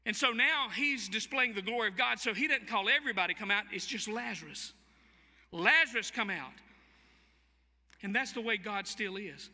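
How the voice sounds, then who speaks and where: A man's voice: high voice, a little fast, few pauses, bright, forceful tone. A man preaching a sermon as pastor of a church, with a Southern American accent, telling the story vividly and acting out the quoted voices. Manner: storytelling, dramatic voicing of quoted speech. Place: church sanctuary. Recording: long church hall reverb.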